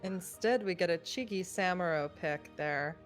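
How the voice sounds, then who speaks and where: A woman's voice: on the low side, moderate pace, soft background music. A woman co-casting a live online game match, with playful teasing banter. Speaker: esports co-caster.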